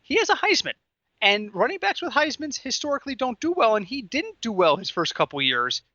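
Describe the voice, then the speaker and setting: Excitable high-voiced man talking football. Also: a little fast, no room sound, dull audio. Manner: animated, excitable storyteller. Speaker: podcast co-host. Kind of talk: casual sports chat.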